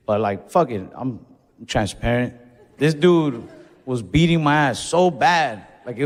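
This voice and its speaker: A young man doing stand-up, telling a story in a relaxed, profane way and acting out his own yells on a club stage. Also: medium pitch. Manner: laid-back, profane, acts out his own shouts. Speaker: stand-up comedian. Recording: live room with long reverb.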